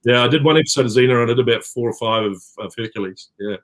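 A middle-aged New Zealander, an actor appearing as a guest, chats casually in an interview over a video call. He talks rapid-fire in a mid-range voice, with plenty of fillers and restarts.

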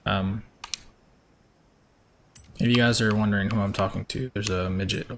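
A man's voice: fairly low pitch, fairly even intonation, normal speed, slight background noise. A young man from Georgia, chatting upbeat with viewers as he live-streams a racing game from home.

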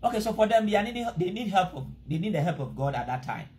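High-voiced Ghanaian preacher. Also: male voice, very animated, quick pace, darkish tone. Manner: earnest, exhorting, pleading. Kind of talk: sermon mixing Twi and English.

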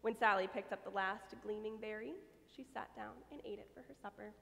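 A woman's voice: mid-range voice, a little fast, vocal fry, a little hiss or hum. Woman reading a story in a church. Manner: expressive, lively read-aloud. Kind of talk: reading a children's story aloud. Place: church sanctuary. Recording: long church reverb.

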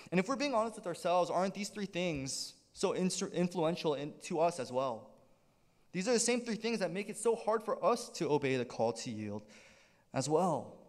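A male pastor preaching with a high voice that swings widely in pitch, sounding lively and animated. He keeps checking in with the congregation as he goes. The sound carries a long hall reverb. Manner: animated preaching with frequent "right?" check-ins. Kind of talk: sermon. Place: church sanctuary.

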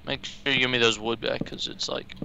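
A man's voice: medium pitch, fairly even intonation, fairly quick, gravelly, sharp tone, smooth, highs cut off. A young man chatting casually while playing a game with a friend, stammering and easygoing. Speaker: co-player. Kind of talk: casual gaming chat.

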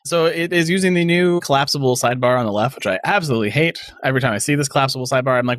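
A man's voice: medium pitch, very fast, fairly bright tone, dry recording, studio quality. A man co-hosting a casual tech podcast, sarcastic and rambling as he thinks aloud. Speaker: podcast co-host.

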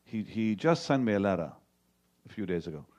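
A middle-aged male pastor telling his own story to a live congregation, halting and repeating words, dropping to a hushed tone when he retells what was said to him. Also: on the low side, very animated. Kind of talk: testimony preached to a live audience.

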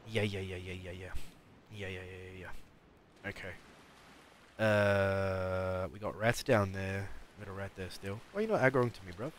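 A man's voice: deep voice, fairly even intonation, normal speed, slight background noise. Mumbling man streaming a game. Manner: mumbling, rambling, talks back at enemies. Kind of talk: live gameplay commentary.

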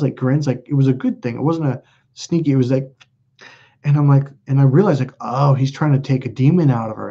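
This man's voice is medium-pitched, mellow, and slightly rough. He hosts a casual livestream, reading viewer comments and telling rambling, blunt stories packed with profanity, captured in dull lo-fi quality.

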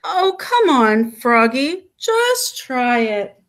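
A woman's voice: sits high, very animated, very slow, exaggerated voice. A woman doing a patient, coaxing mother frog.

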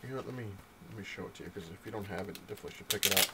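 A man casually talking through a comic book storyline, rambling with frequent ums and restarts and animated retellings. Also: low voice, racing, very noisy. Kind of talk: casual comic review talk.

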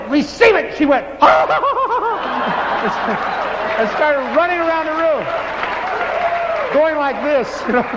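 A man preaching, telling stories with animated laughter. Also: very high-pitched. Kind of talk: sermon storytelling. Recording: muffled hall recording with faint hiss.

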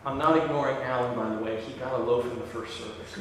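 Male pastor, relaxed conversational sermon; long hall reverb, faint noise underneath. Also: mid-range voice, quick pace. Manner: conversational preaching with asides and quoted dialogue. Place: large church sanctuary. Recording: echoey church hall from far off.

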